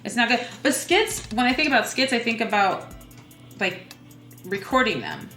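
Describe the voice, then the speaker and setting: Comedian lady rambling on a podcast, bright voice, echoey room. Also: fairly high pitch, big pitch swings, normal speed, soft background music. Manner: playful, rambling, full of fillers. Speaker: stand-up comedian guest. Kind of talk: casual chat.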